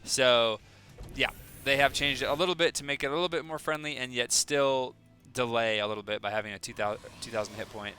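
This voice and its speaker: A man's voice: mid-range voice, fairly even intonation, a little fast, pushed and bright, soft background music. A man casting a strategy video game in a casual, chatty way, with joking, self-deprecating asides. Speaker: game caster. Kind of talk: casual esports commentary.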